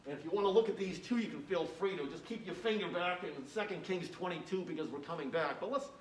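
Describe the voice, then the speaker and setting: A man preaching a sermon as pastor, slowing down to read scripture with weight and emphasis. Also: high voice. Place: church sanctuary. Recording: echoey room, voice from a distance, faint noise.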